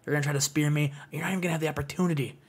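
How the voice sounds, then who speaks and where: A man's voice: fairly high pitch, fairly even intonation, very fast, husky. A man playing a smug, sneering wrestler mocking his rival.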